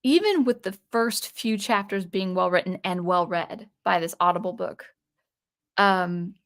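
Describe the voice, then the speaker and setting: A woman's voice: fairly low pitch, unhurried, fairly bright tone. A woman hosting her own livestream, chatting casually in a rambling way with many restarts and repeated words. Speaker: channel host.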